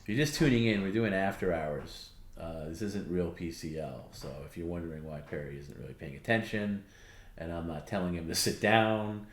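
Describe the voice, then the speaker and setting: A man's voice: low voice, moderate pace, echoey room. A man co-hosting a casual livestream, reading viewer comments aloud in a loose, rambling way. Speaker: stream co-host.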